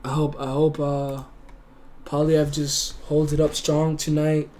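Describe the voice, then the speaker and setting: A man's voice: a little high, monotone, unhurried, noisy background. A young man streaming live, talking earnestly and emotionally, often stumbling over and repeating his words. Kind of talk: casual livestream chat.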